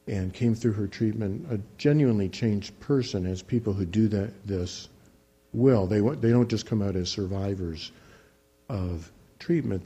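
A man who works as a physician, telling a patient's story in a calm, measured lecture and often restarting his phrases. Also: lowish voice, slightly rough. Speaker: physician teaching guided imagery.

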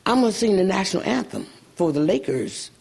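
An older woman singer, a guest in an interview, telling animated stories with a gravelly voice and frequent laughter. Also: mid-range voice, brisk. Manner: laughs often, breaks into sung snippets. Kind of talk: animated storytelling.

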